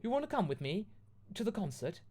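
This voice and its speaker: A man's voice: high voice, sing-song, fairly quick, darkish tone, slight background noise, voice pushed up. A man voicing a whiny young male vampire boyfriend, complaining then eager.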